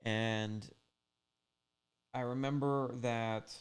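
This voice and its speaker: Laid-back man, smooth voice. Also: mid-range voice, fairly even intonation, drawn-out words. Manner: rambling, laid-back, full of "like" and "you know". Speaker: fishing channel host. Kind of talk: casual storytelling recap.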